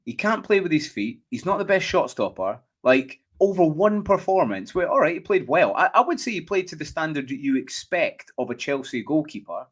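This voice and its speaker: A Scottish man hosting a casual football chat, talking in an animated way and often asking "do you know what I mean". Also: on the high side. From Scotland. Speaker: podcast host.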